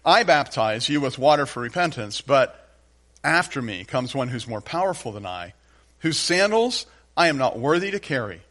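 A man preaching a sermon in a folksy, animated storytelling manner with playful asides. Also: medium pitch, moderate pace. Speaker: pastor.

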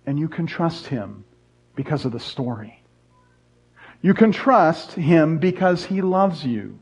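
A man's voice: on the high side, big pitch swings, slow, darkish tone, breathy edge. A middle-aged man preaching a sermon as a pastor, earnest and repetitive in his emphasis, with joking asides. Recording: dull lo-fi sound.

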